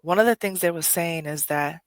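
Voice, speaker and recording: A host talks through a personal reflection in an earnest, loose way, backing up and restarting phrases and letting a curse slip now and then. The voice sits at a middling pitch and is recorded close and dry, with no room sound. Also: moderate pace, no echo. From Puerto Rico. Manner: earnest, conversational, often restarts phrases, swears casually. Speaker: podcast host.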